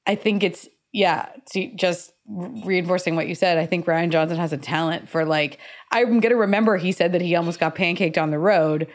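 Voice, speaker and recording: A woman on a podcast panel, making thoughtful, measured remarks in casual chat. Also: on the low side.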